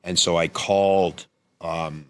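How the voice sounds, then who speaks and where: A man's voice: sits low, steady tone, slow pace, a bit bright, smooth. A man, a filmmaker guest on a podcast, telling a personal story in a casual, rambling, profane way.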